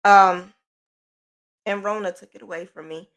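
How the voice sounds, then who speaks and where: A woman hosting a podcast, telling a personal story in a chatty, animated way with informal slang. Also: mid-range voice, a little slow. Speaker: podcast host.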